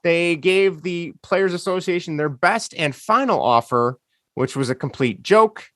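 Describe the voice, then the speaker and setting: A man's voice: a little high, measured pace, a bit bright, no echo, studio quality. A man co-hosting a podcast, ranting sarcastically in casual chat. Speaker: podcast co-host.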